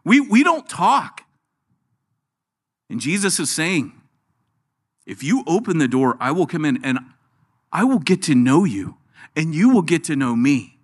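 A middle-aged male pastor delivering a sermon in a fairly high voice. His pitch leaps up and down as he preaches, sinking low and quiet for quoted lines. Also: very animated, normal speed, pauses often.

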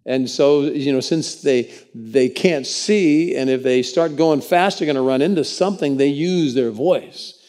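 Warm, folksy male preacher. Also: medium pitch, unhurried, few pauses. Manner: animated storytelling with repeated restarts. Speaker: pastor. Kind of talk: sermon. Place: church.

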